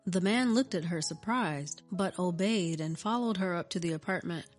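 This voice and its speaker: A woman reading a scripted story in a steady, even narration. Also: fairly low pitch, normal speed. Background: faint music.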